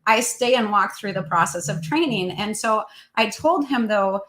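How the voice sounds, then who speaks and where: A woman sharing a parenting story on a talk show. She speaks earnestly and conversationally, often pausing with ums as she works through the details. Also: mid-range voice, animated, a bit bright, low-quality recording. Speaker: co-host, parent.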